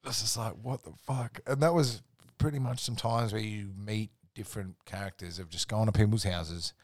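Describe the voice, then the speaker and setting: An Australian man with a fairly low voice tells rambling work stories as a podcast guest. His talk is relaxed and full of swearing. The sound is dry and close, with no room to it. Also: moderate pace, dry recording. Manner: laid-back, sweary, rambling anecdotes. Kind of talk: casual storytelling chat.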